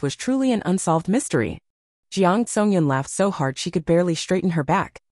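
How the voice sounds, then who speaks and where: A woman reading a novel aloud as audiobook narration, with expressive storytelling. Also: on the low side, dry recording, studio quality.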